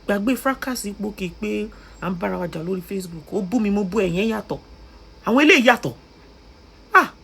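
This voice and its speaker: A woman's voice: medium pitch, fast, vocal fry, a little mellow, breathy edge, low-quality recording. A young woman with a Nigerian Yoruba accent giving emotional vlog commentary, pleading and scolding by turns. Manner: impassioned, switching between pleading and scolding. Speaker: social media commentator.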